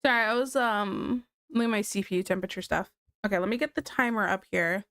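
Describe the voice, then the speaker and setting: A woman chatting casually to her livestream chat in a relaxed, talkative way while she draws. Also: mid-range voice, fast talker, no room sound, clean studio sound. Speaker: livestreamer drawing on stream.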